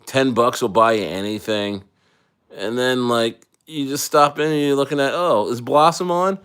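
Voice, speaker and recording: A man's voice: mid-range voice, fairly even intonation, normal speed, a bit bright, clean tone. A man chatting casually on a livestream, loose and rambling with jokes and restarts, a little tipsy from wine. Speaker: crypto livestreamer.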